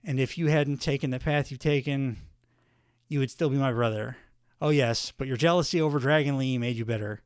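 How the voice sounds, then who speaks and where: A man putting on a calm, veteran Mexican male wrestler with a put-on Mexican Spanish accent, giving measured warnings. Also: medium pitch, clean tone, dry recording, studio quality, natural voice. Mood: stern.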